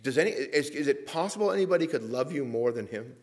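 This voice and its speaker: A middle-aged man preaching a sermon as pastor, earnest and a little weepy, swinging from loud emphatic lines to soft, quiet ones. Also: mid-range voice, animated, fast talker.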